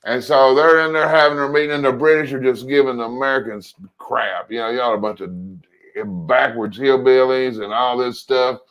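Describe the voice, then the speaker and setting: A man co-hosting a casual political chat, telling long rambling stories with animated asides. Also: medium pitch, normal speed, muffled recording. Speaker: co-host.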